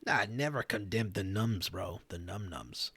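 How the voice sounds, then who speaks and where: A man's voice: lowish voice, animated, normal speed, gravelly, sharp tone, slightly rough, no echo, full character voice. A man playing a goofy talk show host in a role-play game, joking around in casual banter with frequent stammered restarts. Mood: easygoing banter.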